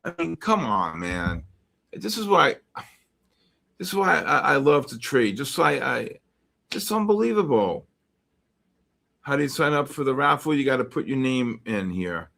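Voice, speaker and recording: A futures trading livestream host rambles through charts and viewer chat messages, using lots of fillers. His medium-pitched voice is gravelly, bright and forceful, with big pitch swings, a measured pace and frequent pauses.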